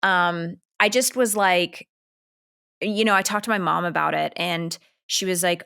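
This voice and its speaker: Candid, low-voiced woman chatting. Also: a little slow, vocal fry, pushed and bright, clear, resonant tone. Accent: Canadian. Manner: candid, rambling with many "like" fillers. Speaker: podcast co-host. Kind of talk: casual chat.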